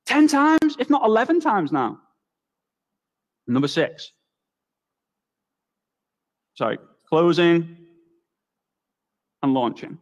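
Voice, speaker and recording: A young man with a Liverpool accent giving a motivational talk on network marketing, telling stories with energetic, quick repetitions. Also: on the high side, lo-fi sound. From England.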